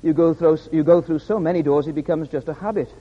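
A man's voice: fairly high pitch, fast. Emphatic preacher man in a hall. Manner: emphatic, repeats words for stress. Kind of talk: sermon. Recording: reverberant hall, dull lo-fi sound.

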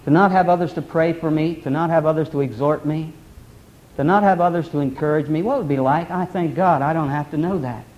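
A man's voice: fairly high pitch, a little fast, darkish tone. A man preaching a sermon, building emphatic rhetorical questions, in a dull lo-fi recording.

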